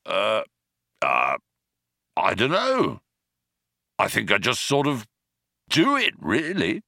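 Man voicing a dull alien guard, booming, sluggish, lowish, bright tone. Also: huge pitch swings, slow pace, creaky, dry recording, clean studio sound, full character voice. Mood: hesitant. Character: dim-witted bellowing alien spaceship guard.

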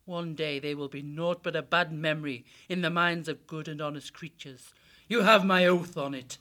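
A man voicing a stern, vengeful female badger warrior, speaking gravely and solemnly. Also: fairly high pitch, fairly even intonation, moderate pace, sharp tone, voice pushed up. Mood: grim.

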